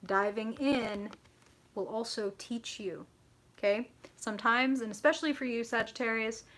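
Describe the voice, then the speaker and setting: A woman's voice: on the high side, normal speed, fairly bright tone. A young adult woman hosting a live tarot reading, chatty and frank, swearing freely and answering viewer comments.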